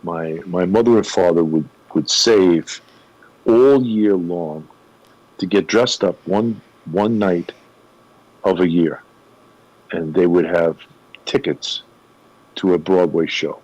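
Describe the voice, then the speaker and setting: A man, a guest on a radio show, retelling a story in an animated way with emphatic pauses. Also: sits low, no room sound, highs cut off. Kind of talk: conversational storytelling.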